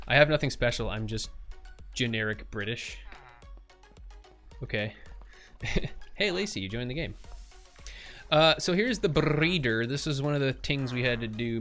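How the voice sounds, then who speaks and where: A man's voice: medium pitch, a bit bright. A young man chatting casually on a livestream while he plays, throwing in goofy made-up sound words. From USA. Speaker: streamer.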